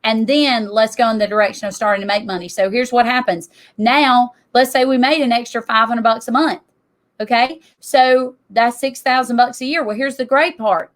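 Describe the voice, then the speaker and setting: Middle-aged woman, a touch higher voice, emphatic and conversational; presenting to an audience. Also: moderate pace. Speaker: tax business owner.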